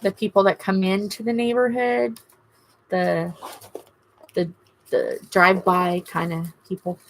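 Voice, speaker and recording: A woman's voice: medium pitch, little pitch movement, a little slow, slight background noise. A middle-aged woman with a Southern US accent, hosting a casual livestream and chatting in a rambling, gushing way with her viewers. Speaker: livestream host. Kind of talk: casual live-stream chat to viewers.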